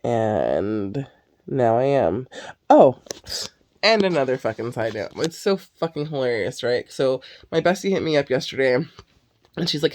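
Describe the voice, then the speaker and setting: A woman's voice: deep voice, animated, normal speed, darkish tone. A young woman host chatting casually and candidly, rambling and swearing freely. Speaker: podcast host. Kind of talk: casual chat.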